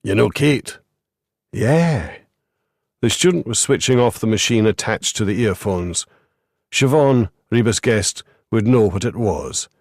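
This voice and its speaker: A man narrating a crime audiobook in a measured, even way. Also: fairly low pitch, dry recording, studio quality. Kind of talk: scripted narration.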